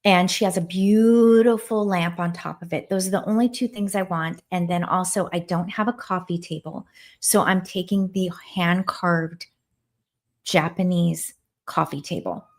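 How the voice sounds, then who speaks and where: A woman's voice: fairly low pitch, fairly even intonation, unhurried, a little mellow. A woman in her forties hosting a casual livestream from home, chatting in a heartfelt way and answering viewer comments. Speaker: livestream host. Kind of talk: casual live-stream chat.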